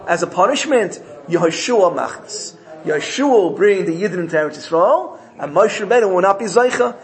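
A man teaches a Torah sermon, telling his parable in an animated way and often stopping to correct himself. His voice sits a little high with a gravelly, creaky texture. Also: brisk, rough recording. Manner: animated storytelling, frequent self-corrections.

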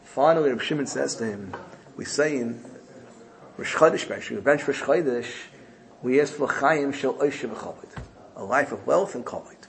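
A man's voice: medium pitch, normal speed, creaky, poor audio. A man giving a Torah lesson in sermon style, telling a story emphatically and often repeating his phrases. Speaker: Torah teacher.

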